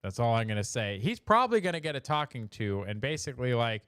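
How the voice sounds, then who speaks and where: A man's voice: medium pitch, sing-song, fast talker, hardly any pauses, fairly bright tone, clear, resonant tone, no room sound. Chatty man with a dry close sound. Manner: joking and chatty, laughs at own jokes. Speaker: show host. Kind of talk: casual commentary on memes.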